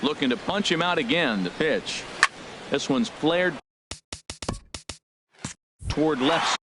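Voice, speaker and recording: A man doing play-by-play commentary for a baseball game, with a brisk, measured call that rises on big plays. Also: fairly high pitch, lively intonation. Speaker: play-by-play announcer. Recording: broadcast over loud crowd and stadium noise.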